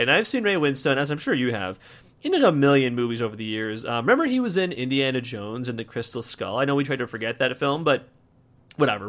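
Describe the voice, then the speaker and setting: A man's voice: medium pitch, a bit bright. Rambling American man reviewing a film. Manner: rambling, chatty, frequent fillers and restarts, wry laughs. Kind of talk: casual film review talk.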